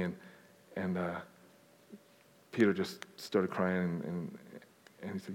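A man speaking as a pastor, his voice sitting a little lower than most. He answers the congregation's questions in a relaxed, plain-spoken way, dropping in joking asides. The church sanctuary gives his words a long, ringing reverb. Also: moderate pace, pauses often. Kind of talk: conversational sermon answering questions. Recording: long reverb of a large hall.

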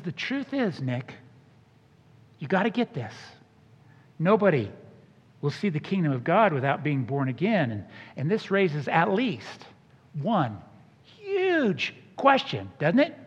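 Male pastor, high and expressive, plays out the voices he quotes, muffled hall sound. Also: a little slow, pauses often, breathy edge. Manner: animated, acts out quoted voices. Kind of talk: sermon. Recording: dull sound with long hall reverb.

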